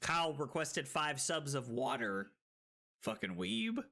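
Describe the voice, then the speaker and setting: A man streaming a card game live, excitable and tipsy, swearing and bursting into yells. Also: a little high, measured pace, vocal fry.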